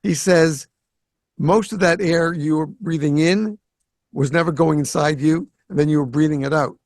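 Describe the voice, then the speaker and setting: A podcast host who grew up in Greater Boston tells a story from his home in South Florida, acting out the voices of those he quotes with animation. His voice is gravelly, slightly raised, a little high, and paced moderately. The audio is close and dry, without room echo.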